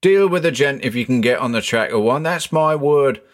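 A man voicing a rough-spoken older male tram driver with blunt working-class speech, in a storybook reading. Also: mid-range voice, animated, moderate pace, pitched above the performer's own voice, lightly acted. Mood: smug.

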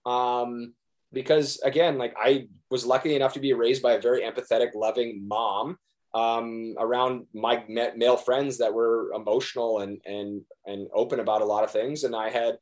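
A man's voice: mid-range voice, steady tone, normal speed, a little mellow. A young man, an actor being interviewed, talking earnestly in a rambling way with many restarts. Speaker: actor guest. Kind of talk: casual interview chat.

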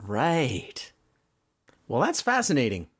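A man in a casual podcast chat, recapping an old cartoon with dry, bemused asides. His pitch moves around a lot as he talks, though it sits at a middling level overall. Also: slow pace, slightly rough. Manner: bemused, sardonic, lively. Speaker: podcast co-host.

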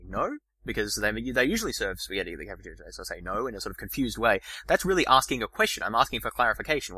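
Quick, bright-voiced man explaining. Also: lowish voice, no echo, rough recording. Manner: fast, animated explaining with many restarts and fillers. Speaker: podcast host. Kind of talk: explanatory podcast lecture.

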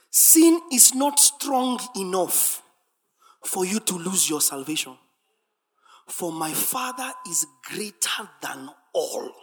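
A preacher delivering a sermon with emphatic repetition, dropping to quiet asides and rising to shouted, sing-song refrains. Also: medium pitch, husky, long reverb tail.

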